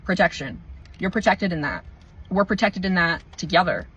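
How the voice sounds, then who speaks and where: A woman giving a heated, profane spiritual monologue, swinging between slow, deliberate emphasis and rushed outbursts as she preaches mindfulness. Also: fairly low pitch, sing-song, fairly bright tone, husky, lo-fi sound. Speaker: spiritual content creator.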